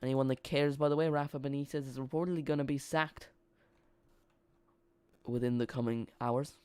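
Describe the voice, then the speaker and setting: Streamer, male, casual match chat that loops back on itself; smooth, clean voice, dry close mic. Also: medium pitch, fairly even intonation, normal speed, dark tone, no echo. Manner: casual, rambling, repeats and corrects himself. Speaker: watch-along streamer. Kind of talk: live football watch-along commentary.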